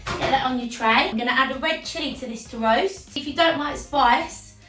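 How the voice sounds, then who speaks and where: A woman's voice: high voice, moderate pace, fairly bright tone, reverberant, far from the mic, faint music behind. An English woman hosting a casual home cooking video, chatty and jokey, talking through each step in her kitchen. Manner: chatty, jokey, breaks into silly singing.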